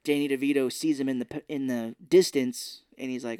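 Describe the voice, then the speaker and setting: A man co-hosting a podcast, retelling a film scene by scene in casual chat and slipping into quick voices for the characters. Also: mid-range voice, steady tone, dark tone, clear, resonant tone, dry recording, studio quality. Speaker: podcast co-host. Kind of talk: casual movie recap chat. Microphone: podcast microphone.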